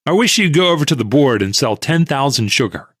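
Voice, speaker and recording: A man voicing a calm, mild old male stock operator in an audiobook, speaking unhurriedly. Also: medium pitch, brisk, breathy edge, no echo, clean studio sound. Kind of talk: audiobook character reading.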